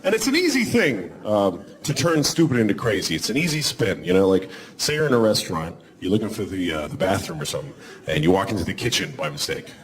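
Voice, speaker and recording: A stand-up comedian in his forties performs on a concert hall stage, rambling, self-deprecating and acting out scenes. His low voice is sing-song and quick, and the live concert recording carries a loud, laughing crowd.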